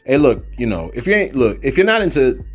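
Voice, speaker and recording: A man's voice: mid-range voice, sing-song, a little fast, faint music behind. A man hosting a commentary video, talking loosely, repeating words and tagging lines with "man". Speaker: commentary channel host. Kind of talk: casual spoken commentary.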